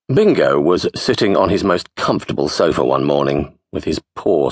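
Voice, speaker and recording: A man narrating a comic audiobook with a studio mic, with dry, deadpan asides. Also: extremely low pitch, husky, no echo. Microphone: close studio mic.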